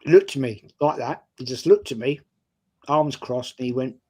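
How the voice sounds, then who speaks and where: A man's voice: medium pitch, moderate pace, a little mellow, breathy edge. Older London man telling a story. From North London. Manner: anecdotal, repeats "right?" often. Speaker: fan channel panelist. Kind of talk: casual storytelling.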